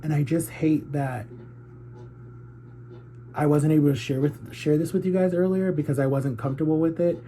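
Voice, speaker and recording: A man's voice: a little high, steady tone, moderate pace, long pauses, mellow, a little hiss or hum. A man of thirty speaking candidly and earnestly to viewers in a heartfelt confessional vlog. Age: 30s. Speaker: YouTuber.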